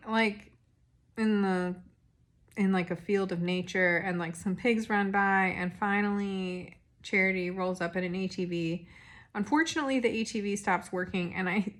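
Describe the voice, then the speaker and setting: A young woman recapping a reality dating show in a rambling, casual monologue full of fillers and restarts. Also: medium pitch. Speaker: recap podcast host.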